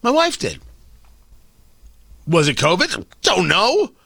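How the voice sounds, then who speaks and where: A man's voice: high-pitched, huge pitch swings, slow pace, vocal fry, bright, forceful tone, husky, no echo, clean studio sound. A man hosting an opinion commentary monologue, sardonic and opinionated, firing off emphatic rhetorical questions. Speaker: commentary show host.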